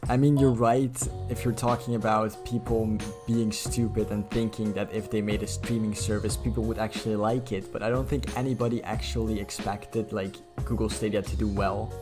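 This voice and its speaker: A man's voice: on the low side, little pitch movement, normal speed, hardly any pauses, over music. A man hosting a reaction video, answering a clip with blunt, sarcastic, profane rebuttals. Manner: sarcastic, blunt, swears freely.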